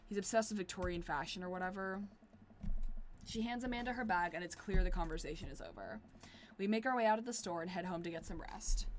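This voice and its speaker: A woman's voice: lowish voice, a little hiss or hum. A woman streaming a dating game, reading it aloud with wry, chatty commentary. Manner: wry, chatty, deadpan asides.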